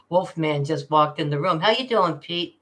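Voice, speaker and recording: A woman's voice: low-pitched, a bit bright. A retired older woman chatting casually on a livestream, reading viewer comments, laughing often and calling people darling. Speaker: livestream host.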